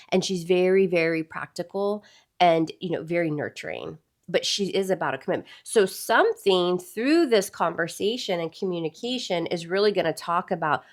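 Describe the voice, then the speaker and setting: A woman reading tarot cards for her viewers in a casual, chatty way. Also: fairly low pitch. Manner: chatty, addresses viewers as "y'all". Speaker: tarot reader.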